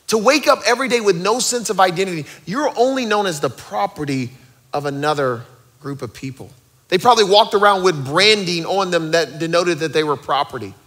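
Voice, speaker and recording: A man in his thirties preaching a sermon as pastor, energetic and rallying the crowd with joking asides. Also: sits high.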